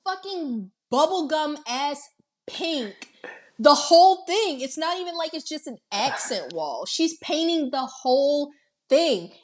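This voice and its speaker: Animated woman recapping a film. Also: high-pitched, measured pace. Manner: animated storytelling, swearing, acting out characters' lines. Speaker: podcast co-host. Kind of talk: casual movie recap chat.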